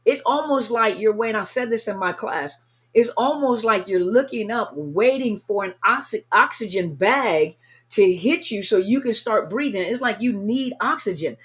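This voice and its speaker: A woman coaching people through abuse and grief in an unscripted teaching talk, earnest and repetitive, often acting out what listeners feel. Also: mid-range voice. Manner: earnest, repetitive, acts out inner voices. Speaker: coach on narcissist abuse recovery.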